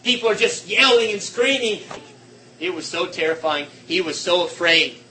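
Male preacher, sermon, impassioned, high pitch, faint background noise. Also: expressive, normal speed, poor audio. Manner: impassioned, swinging between shouts and hushed tones.

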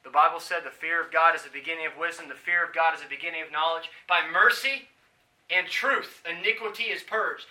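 A man preaching a sermon, swinging from hushed pleading to loud shouting. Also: on the high side, brisk.

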